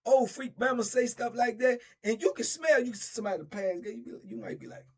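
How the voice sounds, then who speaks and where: Husky high-voiced male storyteller. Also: a little fast. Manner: laid-back, drawling, laughs often. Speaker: storyteller host. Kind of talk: casual storytelling.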